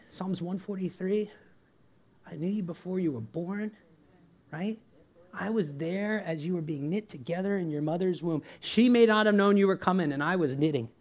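Chatty pastor with a lively laugh. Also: male voice, high voice. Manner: conversational, keeps asking "right?", laughs often. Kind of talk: sermon.

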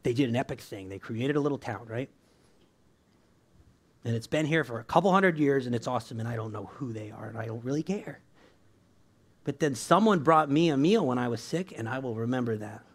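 A man's voice: mid-range voice, expressive, fairly quick. A man preaching a sermon in a casual, conversational way, often checking in with "right?" and laughing along with his listeners. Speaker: pastor.

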